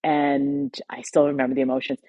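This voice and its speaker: Low-pitched woman guest, heartfelt, kinda choked up, dry dull audio. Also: monotone, gravelly, no echo. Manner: heartfelt, pauses and chokes up while recounting. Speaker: podcast guest. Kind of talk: emotional personal storytelling.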